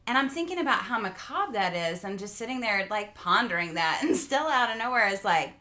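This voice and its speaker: A woman's voice: mid-range voice, lively intonation, fairly quick, bright, forceful tone. A woman co-hosting a podcast, telling stories with frequent laughs in casual chat. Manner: giggly storyteller, laughs often. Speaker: podcast co-host.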